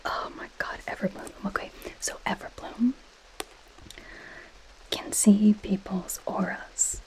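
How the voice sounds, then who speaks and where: A woman's voice: medium pitch, fairly even intonation, takes it slowly, a little mellow, rough recording. A woman in a whispered role-play as a possessive goth girl friend, reading a book aloud and mocking it with dry sarcasm. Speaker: ASMR creator.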